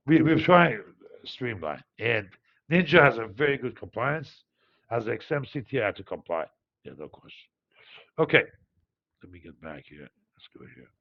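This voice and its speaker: A man with a low, gravelly voice hosts a live market review. His pitch swings widely as he digresses and restarts his sentences. The audio is dull and lo-fi. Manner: digressive, animated, frequent fillers and restarts. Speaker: market analyst hosting a review. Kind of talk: rambling live market commentary.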